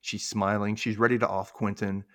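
A man's voice: lowish voice, level tone, normal speed, dry recording. A young man hosting a podcast, casually recapping a TV episode and acting out characters' lines in exaggerated voices. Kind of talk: casual chat.

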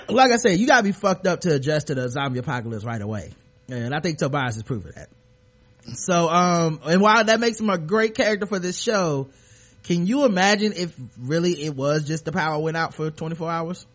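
A male podcast host in casual chat, recapping a TV episode with profane, animated retellings and acted-out quotes. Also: on the high side, fairly quick.

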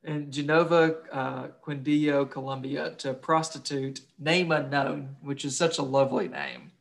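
A man's voice: mid-range voice, steady tone, unhurried, vocal fry. A young man co-hosting a casual podcast, crude and joking, swearing freely. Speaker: podcast co-host.

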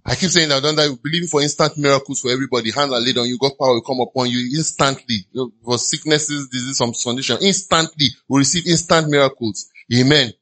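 A man with a Nigerian accent preaching an animated sermon in a church, at times mimicking sighing listeners. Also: mid-range voice, quick pace, few pauses. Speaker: pastor.

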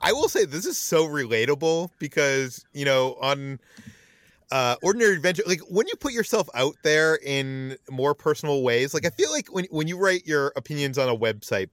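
A man's voice: mid-range voice, normal speed, dry recording, clean studio sound. Man hosting a casual podcast chat. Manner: relaxed, conversational, hedging with "like". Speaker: podcast host.

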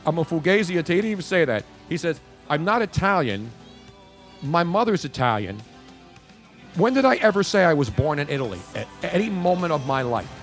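A man's voice: fairly high pitch, lively intonation, a little fast. A man from Philadelphia with a thick New York accent, co-hosting a radio show and ranting with mock indignation in casual banter. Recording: music playing under the talk.

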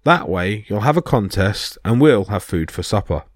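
A man voicing a warm, welcoming female giant's wife who speaks kindly and practically. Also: on the low side, expressive, normal speed, dry recording, studio quality. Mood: soothing.

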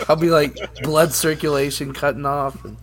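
A man's voice: fairly high pitch, steady tone, normal speed, noisy background. A man joking and laughing his way through casual podcast banter. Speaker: podcast co-host.

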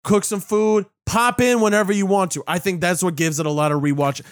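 A man's voice: high-pitched, fairly even intonation, brisk, smooth. A young man co-hosting a casual chat about favorite movies, joking around and slipping into movie quotes. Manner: jokey, quotes films in put-on voices. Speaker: podcast co-host.

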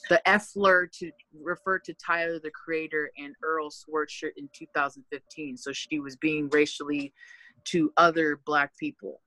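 A woman co-hosting a casual podcast, loud, profane and animated, with big swings in her voice. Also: sits low, normal speed, dry recording, low-quality recording. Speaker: podcast co-host.

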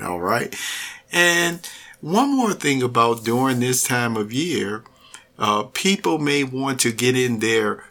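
A man hosting a podcast, talking in a relaxed, rambling way with many fillers. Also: medium pitch, measured pace, gravelly. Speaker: podcast host. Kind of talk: casual podcast monologue.

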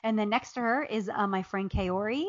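Animated woman telling funny stories. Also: medium pitch, normal speed, no room sound. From Ohio. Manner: animated, laughing anecdotes with acted quotes. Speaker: guest author and comedian. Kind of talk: casual interview storytelling. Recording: dull, dry lo-fi sound.

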